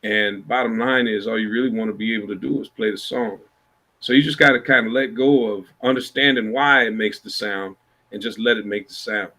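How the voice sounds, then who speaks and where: Bright-voiced man telling a long story. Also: on the low side, brisk. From Iowa, USA. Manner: laid-back, rambling storyteller. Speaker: blues musician guest. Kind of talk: casual storytelling chat.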